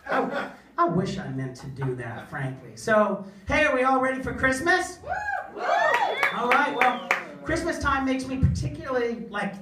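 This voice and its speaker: A woman performing a funny personal story live before an audience, animated and self-deprecating, acting out the other voices. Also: sits high, a little slow, background noise. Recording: echoey room, far mic, audience.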